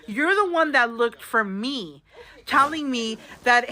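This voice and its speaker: A woman's voice: sits high, expressive, normal speed, sharp tone. Tipsy woman venting in a hotel room. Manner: chatty, venting, addresses viewers as girl and y'all. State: a little tipsy. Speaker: vlogger. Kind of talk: casual storytime vlog.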